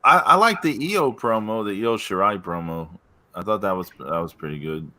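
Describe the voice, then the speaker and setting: Man, podcast host, low voice, hesitant, trailing off, casual chat. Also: lively intonation, normal speed. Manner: hesitant, many fillers, trailing off quietly.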